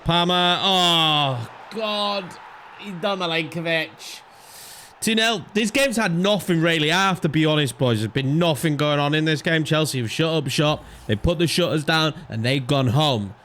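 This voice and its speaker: A young man commentating his own football video game match in a chatty way, swinging between calm analysis and frantic pleading. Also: on the high side, moderate pace, hardly any pauses, a little hiss or hum. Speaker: gaming YouTuber. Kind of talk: live gameplay commentary.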